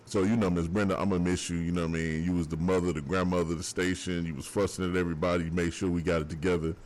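Deep-voiced man giving an on-air tribute. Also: level tone, very fast, darkish tone. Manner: tearful yet laughing while reminiscing. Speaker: radio host.

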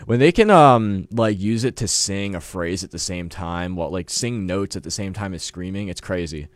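A man's voice: sits low, normal speed, dry recording. A young man, a student guest on a radio show, talking eagerly but with many restarts and repeated words. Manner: hesitant, repeats words, enthusiastic. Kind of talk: casual radio interview. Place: radio studio.

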